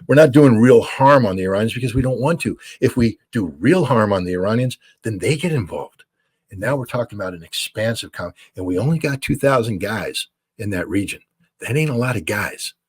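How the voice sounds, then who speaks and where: A man's voice: fairly low pitch, animated, fairly quick, husky. A man giving blunt, emphatic interview commentary as a military analyst, repeating his points for stress. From United States.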